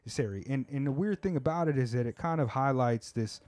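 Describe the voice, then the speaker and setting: A man's voice: medium pitch, fast, darkish tone, no room sound. A man hosting a podcast, talking at length in a laid-back, talkative way and swearing a lot. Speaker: podcast host. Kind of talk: casual chat.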